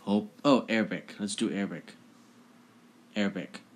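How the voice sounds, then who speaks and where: Speaking at a moderate pace in a lowish voice, this man hosts a casual video. He introduces each clip in a chatty, offhand manner and laughs at the results.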